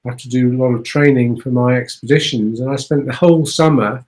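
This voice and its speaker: A man speaking as an interview guest, rambling along with halting, repeated words. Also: medium pitch, fairly even intonation, darkish tone. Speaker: guest explorer. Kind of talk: conversational interview.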